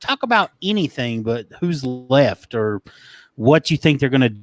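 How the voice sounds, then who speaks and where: A man's voice: medium pitch, sing-song, measured pace, no echo, soft background music. Male guest, Southern drawl, blunt storyteller, dry close mic. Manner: blunt, swears freely, storytelling. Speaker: podcast guest. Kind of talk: casual podcast chat.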